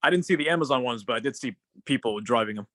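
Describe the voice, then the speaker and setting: Quick-talking man asking questions. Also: medium pitch, expressive, fairly bright tone, no room sound, studio quality. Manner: curious, asks short questions. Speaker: meeting participant. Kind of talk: casual chat.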